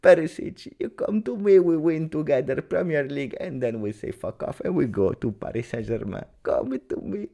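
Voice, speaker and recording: A man doing an impression of an intense male football coach who pleads softly in broken English. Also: fairly high pitch, lively intonation, normal speed, vocal fry, few pauses. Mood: pleading.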